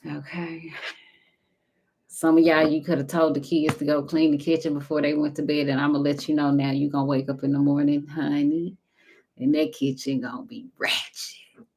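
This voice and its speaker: A woman giving a casual spiritual tarot reading, talking intimately to viewers and calling them baby and honey, sometimes dropping to a soft whisper. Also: deep voice, flat delivery, normal speed, slightly rough. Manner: intimate and chatty, calls listeners baby and honey. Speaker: tarot card reader.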